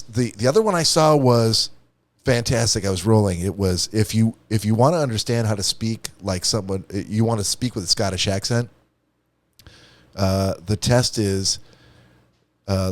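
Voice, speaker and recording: Rambling low-voiced podcast co-host man. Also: dry recording. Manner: rambling, animated, lots of restarts. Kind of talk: casual comedic chat.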